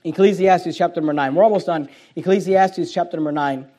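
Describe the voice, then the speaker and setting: A man with a notably high voice preaches a sermon with fire, shouting out key phrases and then dropping low and quiet. He hammers home his points by saying them again and again, and he stretches out the words he wants to stress. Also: fairly quick. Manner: fiery preaching, swinging between loud emphasis and quiet, and repeating key phrases. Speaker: pastor.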